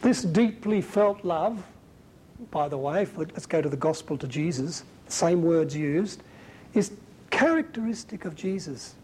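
A man giving a conversational Bible teaching as a preacher, talking in an animated, colloquial and emphatic way. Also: high voice, slight background noise, low-quality recording.

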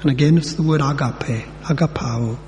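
Preacher in a reverberant hall. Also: male voice, medium pitch, normal speed, a little mellow. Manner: conversational, acts out dialogue with colloquial asides. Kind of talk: sermon. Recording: long hall reverb, faint hum.

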